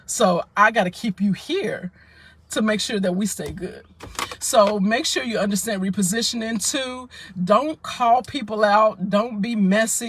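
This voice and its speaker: A woman's voice: mid-range voice, breathy edge. A woman vlogger talking to the camera, emphatic and preachy, repeating phrases for weight. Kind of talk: casual talk to camera.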